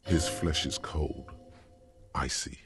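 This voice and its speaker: A man voicing a solemn game narrator in scripted dramatic narration, deep and gravelly. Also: fairly even intonation, slow, music in the background.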